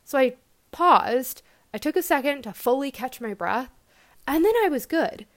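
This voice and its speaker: A young woman hosting a self-help talk, speaking in a reflective, gentle, conversational way with casual "like" fillers. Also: high-pitched, expressive, moderate pace. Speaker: podcast host and coach.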